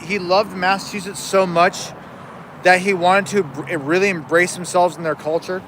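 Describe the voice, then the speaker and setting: A man's voice: sits high, fairly bright tone, a little hiss or hum. A man chatting casually on a live stream, rambling and joking and cutting himself off mid-sentence. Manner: rambling, joking, many self-interruptions. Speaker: livestreamer.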